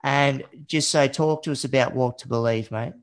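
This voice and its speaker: An Australian man hosts a podcast in a casual, hesitant manner, often calling his guest "mate". His voice sits in a middle pitch with a gravelly fry. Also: normal speed. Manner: friendly, says "mate", hesitant. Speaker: podcast host. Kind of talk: casual interview chat.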